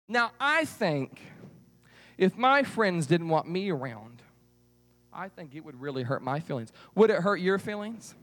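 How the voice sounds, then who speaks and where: A man leading a children's church puppet show, animated and coaxing as he tells a story to the kids. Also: high-pitched, normal speed.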